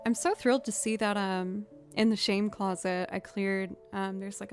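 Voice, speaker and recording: A woman's voice: medium pitch, fairly even intonation, normal speed, hardly any pauses, faint music behind. A young woman chatting casually with her live-stream audience, rambling with fillers and restarts. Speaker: streamer and musician.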